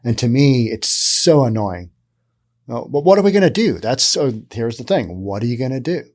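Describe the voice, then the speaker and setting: A middle-aged man hosting his own podcast, talking through his opinions in a loose, rambling way. His voice sits at a medium pitch but swings up and down a lot as he talks, and he drops in sarcastic asides. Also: darkish tone. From Pacific Northwest, US. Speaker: podcast host. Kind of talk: casual solo commentary.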